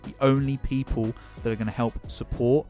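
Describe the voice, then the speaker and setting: A man's voice: medium pitch, fairly even intonation, normal speed, mellow, soft background music. A man delivering an angry, impassioned vlog rant as a gaming YouTuber, sarcastic and swearing often. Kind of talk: ranting vlog commentary.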